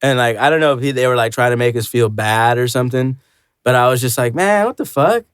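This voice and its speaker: A man's voice: mid-range voice, level tone, fast, clean tone, no room sound. Podcast co-host, young man, rambling and foul-mouthed, dry close mic. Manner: rambling, profane, restarts often. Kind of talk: crude casual chat.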